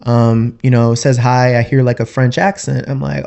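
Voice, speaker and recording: A man talking as a podcast guest in a casual, rambling way, full of "like" and "you know", and quick to laugh. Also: medium pitch, little pitch movement, gravelly, a little mellow, muffled recording. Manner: laughs easily while telling stories.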